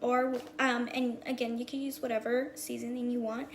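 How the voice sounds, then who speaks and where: A woman's voice: fairly high pitch, little pitch movement, moderate pace. A woman hosting a casual meal prep livestream from a home kitchen, chatting to her viewers and counting items aloud. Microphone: earpiece mic. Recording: echoey room with loud background noise.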